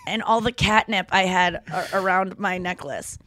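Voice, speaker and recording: A woman co-hosting a casual comedy podcast, telling profane, lively stories with acted-out quotes. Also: fairly low pitch, moderate pace. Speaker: podcast co-host; stand-up comedian.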